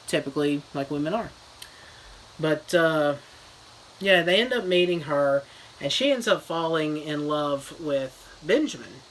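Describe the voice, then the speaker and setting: A man's voice: a little high, a bit bright, a little hiss or hum, low-quality recording. A man giving a crude joking fake book review, rambling with lots of "you know" and "uh".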